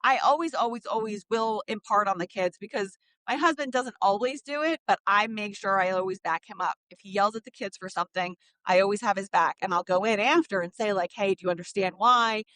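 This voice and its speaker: A woman in her thirties talks through a family story as a podcast host, candid and chatty, with plenty of "like" fillers. Her voice is bright and forward, and she jumps into quoted lines with animated bursts. The sound is close and dry, with no room around it. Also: mid-range voice, fairly quick, dry recording, rough recording. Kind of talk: casual storytelling monologue.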